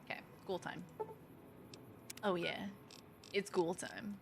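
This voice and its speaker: A woman's voice: lowish voice, fairly even intonation, slow, creaky, slight background noise. A young woman with a Boston accent chatting casually to her viewers while she plays a game, self-mocking and talkative. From Boston area. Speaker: streamer. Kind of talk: casual gameplay commentary.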